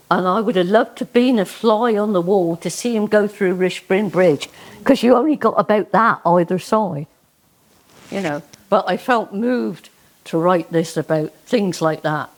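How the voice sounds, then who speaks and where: Slow-spoken Cornish woman storyteller. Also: medium pitch, lively intonation. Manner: slow, emphatic folksy delivery. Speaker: dialect storyteller and poet. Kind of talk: comic storytelling performance.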